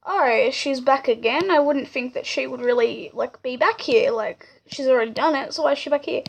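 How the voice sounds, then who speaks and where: A suspicious ghost girl grumbles offhandedly, voiced by a young woman. High and light, barely changed from a casual retelling. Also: moderate pace, creaky, low-quality recording. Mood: skeptical.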